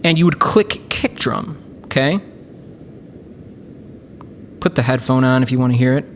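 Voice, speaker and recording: A woman with a low voice hosts a casual music-software tutorial. She talks chattily and enthusiastically, padding her sentences with fillers. A faint hiss runs under her voice. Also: unhurried. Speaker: host.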